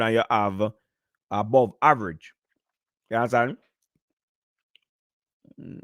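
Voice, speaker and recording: A man's voice: medium pitch, a bit bright, no room sound, studio quality. A man from Jamaica with a Jamaican accent, chatting casually and jokingly in patois on a live stream. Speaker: podcast guest.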